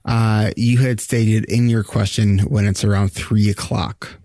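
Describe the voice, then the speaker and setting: A man's voice: on the low side, flat delivery, unhurried, mellow, dry recording. A man hosting a live Q&A podcast as a coach, talking casually with many fillers and restarts. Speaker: podcast host and ADHD coach.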